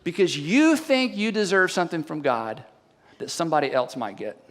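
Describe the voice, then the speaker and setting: High-voiced preacher in a reverberant hall. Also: male voice, moderate pace. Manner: animated storytelling, asks the audience questions. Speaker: pastor. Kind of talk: sermon.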